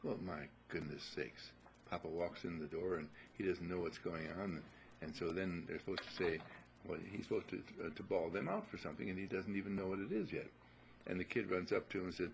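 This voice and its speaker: A man giving a teaching talk to a group, who often acts out little dialogues and clears his throat. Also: lowish voice, very animated, moderate pace, a little hiss or hum, rough recording.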